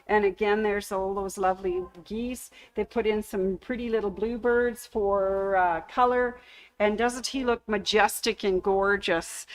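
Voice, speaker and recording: A woman with a medium-pitched, slightly bright voice hosts a casual fabric store livestream, chatting and joking cornily as she shows off products. It's a rough recording.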